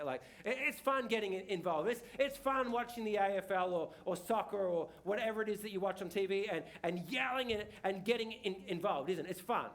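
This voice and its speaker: Chatty pastor with a high voice. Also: male voice, fairly bright tone. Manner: chatty, rambling with many restarts and tag questions. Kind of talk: casual sermon. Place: church hall.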